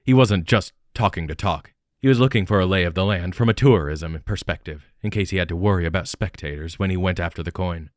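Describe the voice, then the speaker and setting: A man narrates an audiobook in a steady, even read. His voice sits on the low side, and the recording is dry and close with no room sound. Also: fairly quick, dry recording. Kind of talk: scripted narration.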